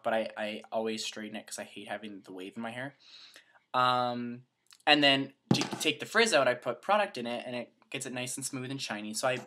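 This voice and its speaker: Young Canadian guy vlogging, chatty and rambling, bright tense tone. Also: mid-range voice. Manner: chatty, rambling, self-mocking. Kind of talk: casual chat to camera.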